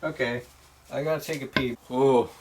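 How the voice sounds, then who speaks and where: A tipsy young man rambles through a story, swearing constantly and leaning on filler words. His voice sits at an ordinary pitch and is picked up from some distance away from the mic in a home room. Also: steady tone, moderate pace, background noise. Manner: profane, rambling, full of "like". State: tipsy from drinking shots. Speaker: boyfriend retelling a movie plot. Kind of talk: casual rambling retelling.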